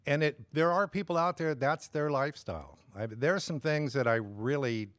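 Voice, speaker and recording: Dry-humored man, relaxed studio guest. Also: a little high, moderate pace, no echo. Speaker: guest, cooking show host. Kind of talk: studio interview chat.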